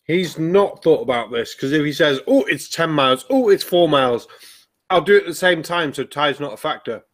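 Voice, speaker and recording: Brief: male show host, raised pitch, blunt and crude, reacts loudly. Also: animated, moderate pace. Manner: swearing, mocking, loud. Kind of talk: casual group chat reacting to videos.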